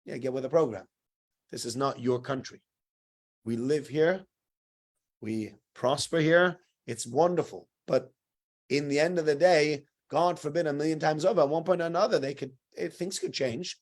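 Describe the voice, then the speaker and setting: Animated man giving a Torah talk. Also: on the high side, moderate pace. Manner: animated, conversational storytelling. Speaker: Torah teacher.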